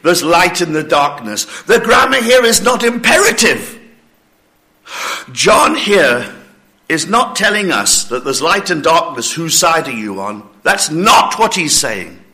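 A man preaching a sermon with slow, emphatic delivery, short of breath and coughing now and then, voicing his listeners' doubts. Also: fairly high pitch, bright, forceful tone.

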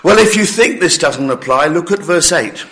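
Male preacher, breathless and coughing, slow emphatic sermon, fairly high bright voice. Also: animated, creaky. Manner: slow, emphatic preaching with acted-out listener objections.

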